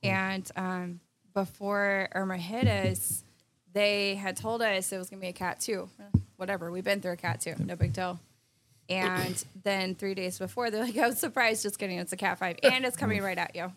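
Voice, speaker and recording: A woman's voice: mid-range voice, fairly even intonation, moderate pace, a bit bright, soft background music. A woman recounting a hard experience in a casual podcast interview, matter-of-fact and agreeable. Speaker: podcast guest.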